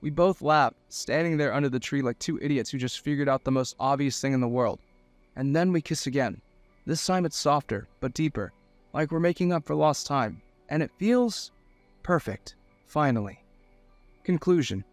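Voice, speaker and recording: A man's voice: on the high side, lively intonation, normal speed, dry recording, faint music behind. Earnest young man narrating a story. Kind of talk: scripted first-person story narration.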